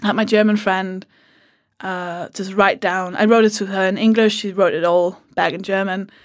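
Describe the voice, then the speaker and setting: A woman comedian, a podcast guest, telling lively anecdotes in casual chat, laughing and swearing now and then. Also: medium pitch, moderate pace, dry recording, studio quality.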